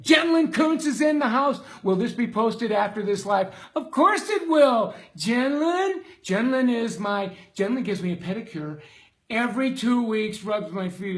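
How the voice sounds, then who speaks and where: A middle-aged man coaches salon owners during a live stream, reading out viewer comments. His high-pitched voice is casual, slangy, and excitable, breaking into loud bursts.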